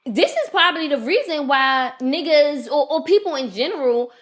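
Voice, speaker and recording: A woman co-hosting a podcast, telling a story in a casual, animated rant and swearing freely. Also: sits high, normal speed. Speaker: podcast co-host. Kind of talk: casual chat.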